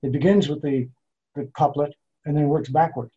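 Male poet, interview guest, husky and slightly high, careful measured delivery. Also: fairly even intonation, mellow. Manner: measured, explanatory, slows down to spell out meter. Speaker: poet and author being interviewed. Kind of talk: thoughtful interview answers. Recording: dull lo-fi sound.

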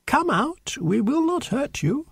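A man's voice: very high voice, sing-song, slow pace, gravelly, no room sound, studio quality, voice pushed up, exaggerated voice. A man voicing an eager, bold young boy in a storybook reading. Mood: coaxing.

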